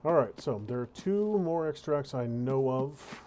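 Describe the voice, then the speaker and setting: A man's voice: medium pitch, expressive, a little slow, mellow, a little hiss or hum. Wry man muttering through gameplay. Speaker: gaming video host. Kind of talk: casual gameplay commentary.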